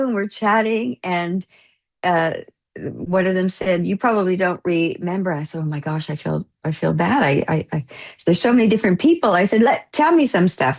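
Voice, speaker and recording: A middle-aged woman, an actor guest, telling an emotional story in an interview, gushing and tearful, her voice climbing high when moved.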